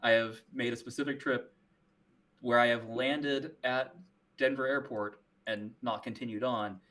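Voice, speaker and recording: A man's voice: mid-range voice, steady tone, measured pace, fairly bright tone. A man co-hosting a podcast in casual chat, rambling with many restarts and casual swearing. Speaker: podcast co-host.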